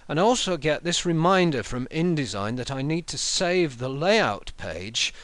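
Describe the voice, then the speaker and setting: A man talks a listener through a software tutorial step by step. His pitch moves a lot as he explains. The recording is dry and close, with no room sound. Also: big pitch swings, no room sound. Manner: measured, explanatory, steps through menus aloud.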